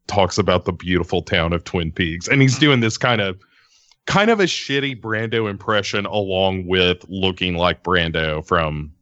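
Low bright-voiced man chatting on a podcast. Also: animated, moderate pace, dry recording, lo-fi sound. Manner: rambling, laughs easily, swears. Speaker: podcast co-host. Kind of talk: casual chat.

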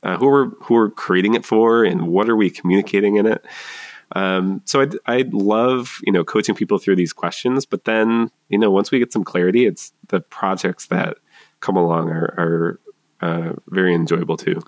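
Deep-voiced, thoughtful male guest. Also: fairly even intonation, no room sound. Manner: thoughtful, halting with fillers. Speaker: marketing consultant guest. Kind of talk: casual interview chat.

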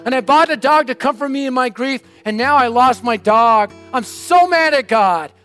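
A man's voice: extremely high pitch, normal speed, a bit bright, faint music behind, pitched above the performer's own voice. A preacher voicing a grieving woman who wails and cries as she tells her story. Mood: distraught. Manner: wailing and tearful. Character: distraught grieving middle-aged woman.

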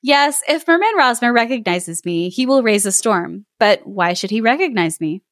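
A woman's voice: a little high, lively intonation, normal speed, no room sound, clean studio sound, lightly acted. A woman reading aloud as a clever little boy, bold and determined.

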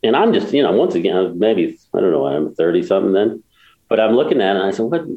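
A man's voice: low voice, sing-song, fast, dark tone, roomy sound, muffled recording. A man guest telling a story in a casual interview, rambling with many restarts and getting emotional. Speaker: guest, golf course builder.

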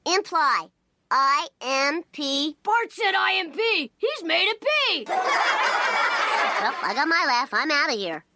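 A woman's voice: high voice, big pitch swings, slow pace, pushed and bright, exaggerated voice. A woman voicing a tough, mocking schoolboy bully in a cartoon, with a jeering, taunting manner. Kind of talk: cartoon voice acting.

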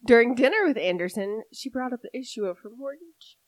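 A woman co-hosting a casual true-crime podcast, telling the story in an animated way and often laughing. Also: on the high side, a little fast, no room sound. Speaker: podcast co-host.

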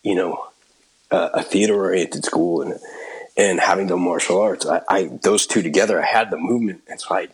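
A man's voice: low voice, a little fast, husky, rough recording. A middle-aged actor telling a long anecdote in a casual interview, laughing and restarting as he goes. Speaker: actor and guest.

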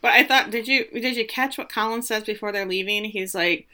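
A woman's voice: medium pitch, brisk, bright, forceful tone. A woman co-hosting a casual podcast, recapping a TV episode in a wry, sarcastic way with mock voices for the characters. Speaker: podcast co-host.

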